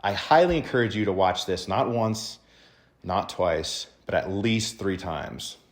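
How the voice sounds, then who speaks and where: Animated low-voiced male dog trainer. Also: unhurried. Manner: emphatic, keeps asking "right?". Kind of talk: instructional explanation to dog owners.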